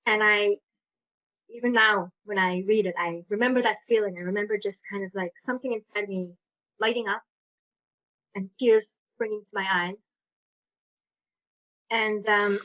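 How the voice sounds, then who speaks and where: An Israeli woman with an American accent, a storyteller guest telling a personal story in an interview over a video call, in an animated, playful way. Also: medium pitch. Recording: muffled lo-fi audio.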